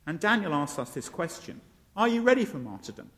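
High-voiced male preacher in a reverberant hall. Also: brisk. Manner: animated storytelling, acts out quoted voices. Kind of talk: sermon.

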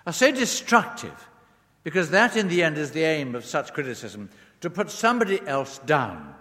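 A man's voice: a little high, big pitch swings, moderate pace, a bit bright. A man preaching a sermon, leaning on words with rising and falling emphasis. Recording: long reverb of a large hall.

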